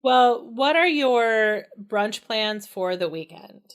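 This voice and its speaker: Smooth-voiced woman podcast host. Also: fairly high pitch, expressive, slow pace. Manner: brief encouraging interjections. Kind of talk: casual chat.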